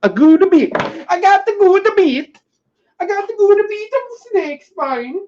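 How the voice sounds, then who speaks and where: A woman's voice: on the low side, extremely slow, dull audio. A woman putting on a laid-back male character whose accent slides from Italian to Jamaican, drawling in a sing-song way.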